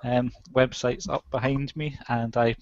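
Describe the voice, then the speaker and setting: A man's voice: medium pitch, flat delivery, unhurried, slight background noise. A man introducing himself in an easygoing, self-deprecating way over a video call. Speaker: video editor. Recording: dry, dull video-call audio.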